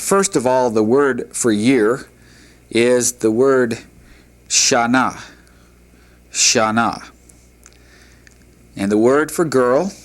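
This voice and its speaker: A man teaching a language lesson, pronouncing each word slowly and repeating it, with frequent fillers and restarts. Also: mid-range voice. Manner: slow, careful pronunciation drills with repeated words. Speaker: Hebrew teacher. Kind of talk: recorded classroom lecture.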